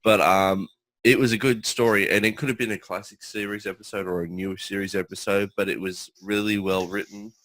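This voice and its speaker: A man's voice: fairly low pitch, steady tone, brisk, a bit bright, dry recording. A man speaking as a podcast guest, easygoing and full of "like" and "you know". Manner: easygoing, uses many fillers. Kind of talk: casual podcast chat.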